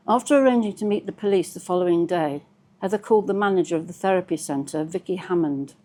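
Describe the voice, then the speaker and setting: A woman author reading aloud from her own novel in a measured, steady storytelling manner. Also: on the low side.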